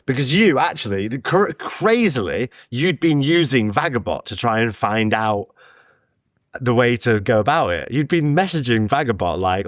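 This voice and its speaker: A man co-hosting a podcast, joking around and swearing casually as he chats. His pitch swings widely from line to line, and the sound is dry and close. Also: lively intonation, moderate pace, no echo. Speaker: podcast co-host. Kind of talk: casual chat.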